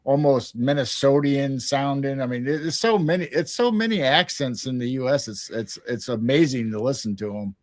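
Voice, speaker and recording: A man from Central Illinois co-hosting a casual paranormal livestream, easygoing and slightly halting. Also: medium pitch, lively intonation, no room sound. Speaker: co-host.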